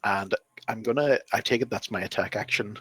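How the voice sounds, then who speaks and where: A man with a husky voice playing a tabletop game, animated and quick to giggle. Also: lowish voice, dry recording. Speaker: player. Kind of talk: casual tabletop game talk.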